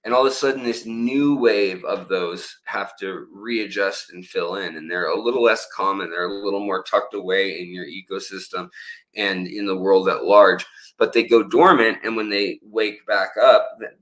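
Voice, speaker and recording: A man's voice: low-pitched, fairly bright tone, low-quality recording. A man hosting a casual livestream, rambling with many fillers and restarts while he reads out and answers viewer comments. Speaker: livestream host.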